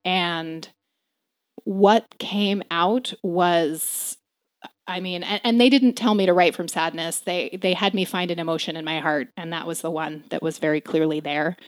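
A woman in her forties telling a personal story as a guest, halting and soft-spoken, with many fillers and restarts. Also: on the low side, steady tone, no room sound, clean studio sound. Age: 40s.

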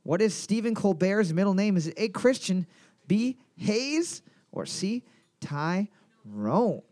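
A man's voice: sits high, expressive, unhurried, a little mellow, dry recording. A man hosting a trivia night, reading each question twice and joking between rounds. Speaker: trivia quiz host.

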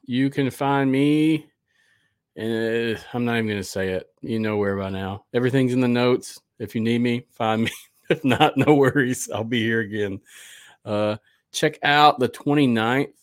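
A man's voice: mid-range voice, moderate pace, no room sound, studio quality. A man hosting a live podcast, chatting loosely and rambling with fillers and restarts. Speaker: podcast host. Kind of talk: casual live podcast chat.

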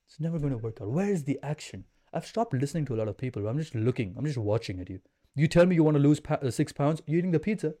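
A man's voice: fairly high pitch, big pitch swings, fast, dark tone. A man in his twenties, a podcast guest, talking in an intense, emphatic, slangy way. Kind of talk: casual chat.

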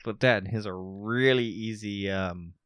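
A man co-hosting a podcast plays quizmaster, jokingly reading out questions and silly answer options with comic pauses. His voice is lowish, fairly bright, and clean, captured in a dry, studio-quality recording.

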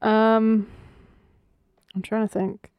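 A woman's voice: fairly high pitch, level tone, very slow, darkish tone, clear, resonant tone, no echo. A woman co-hosting a casual true-crime podcast, telling stories with fillers and restarts. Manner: storytelling with fillers and restarts, laughing easily. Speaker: podcast co-host.

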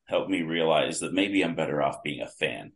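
A man's voice: extremely low pitch, animated, moderate pace. A man, a guest on a podcast, telling detailed stories in a casual way, often restarting his sentences. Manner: vivid, detailed anecdotes with many restarts. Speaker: podcast guest, longtime wrestling fan. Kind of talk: casual storytelling.

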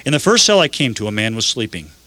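An older man narrating a first-person story in an earnest, measured way. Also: mid-range voice, big pitch swings, sharp tone.

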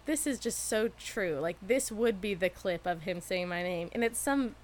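Woman on a podcast, casual chat, talks openly and laughs a lot, medium pitch. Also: lively intonation, normal speed, a little hiss or hum. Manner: candid storytelling, laughs often. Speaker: podcast co-host.

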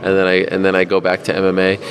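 A man's voice: sits low, completely flat delivery, rapid-fire. A man, a sports journalist, chatting as a podcast guest, enthusiastic and joking, with some swearing. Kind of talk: casual interview chat. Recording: crowd chatter behind.

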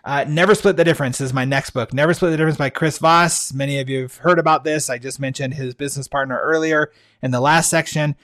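A man's voice: on the high side, fairly even intonation, fast, a bit bright. Enthusiastic male podcast host. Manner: enthusiastic storyteller with many fillers and restarts. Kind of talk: casual solo podcast talk.

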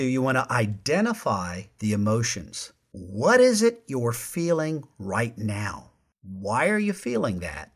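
A man's voice: medium pitch, a bit bright. A man hosting a podcast, delivering an emphatic monologue and shifting his tone for effect. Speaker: podcast host.

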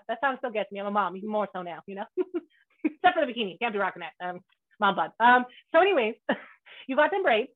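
A woman with a Scottish accent hosting a casual interview, loud and brash, laughing and swearing freely. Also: fairly high pitch, animated, fast. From Scotland. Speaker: podcast host. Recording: tinny phone-like line.

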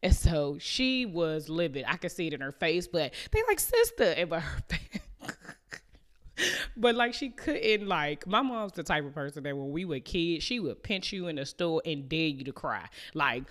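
A woman's voice: low-pitched, animated, normal speed, fairly bright tone. Chatty woman telling a family story. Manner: chatty, with many fillers and laughs; acts out family members' lines. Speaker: podcast host. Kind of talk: casual storytelling monologue.

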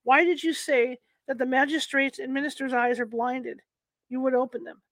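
A woman's voice: sits high, fairly even intonation, normal speed, no echo. A woman reading an old court transcript aloud, stumbling and restarting over the archaic wording.

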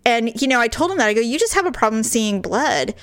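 Middle-aged woman, animated storyteller, higher voice, dry close sound. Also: fast talker, clean tone, no room sound. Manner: animated storyteller, acts out quotes, laughs often. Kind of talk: casual chat, telling a story.

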